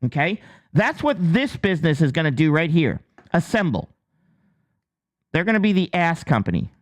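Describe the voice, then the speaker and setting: This channel host from the United States has a slightly high voice with big pitch swings and a normal speaking speed. He explains something casually with on-screen drawings, cracking jokes, restarting a lot, and checking in with "okay?" as he goes.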